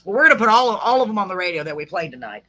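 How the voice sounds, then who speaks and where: A woman's voice: mid-range voice, sing-song, rapid-fire, bright, forceful tone. A woman hosting a live podcast, chatting and laughing with a guest and tossing in folksy sayings. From Texas. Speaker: podcast host. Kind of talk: casual live chat with a guest.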